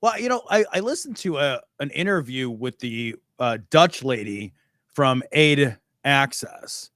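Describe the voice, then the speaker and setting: A man's voice: mid-range voice, lively intonation, unhurried, fairly bright tone, no echo, clean studio sound. A man co-hosting a live-stream panel, joking and playful in casual chat. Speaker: podcast co-host.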